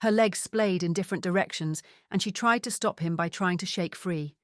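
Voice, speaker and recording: A woman narrating a mystery novel in an even, measured voice. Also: lowish voice, no echo, studio quality. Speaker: audiobook narrator. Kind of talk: scripted narration.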